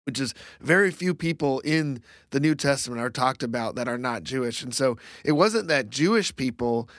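A man talking through a Bible passage in a casual faith discussion, reflective and halting, with many fillers and restarts. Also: medium pitch, expressive, fairly bright tone, no echo, clean studio sound.

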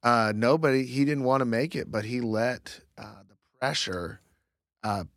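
A man talking through a Bible passage in a casual faith discussion, reflective and halting, with many fillers and restarts. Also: mid-range voice, a bit bright, dry recording, clean studio sound.

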